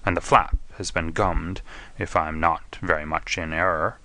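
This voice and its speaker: A man reading an audiobook, voicing a keen, precise detective who reasons aloud in a crisp, deliberate manner. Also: deep voice, steady tone, pushed and bright, no echo, heavily acted. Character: keen, precise male detective, middle-aged.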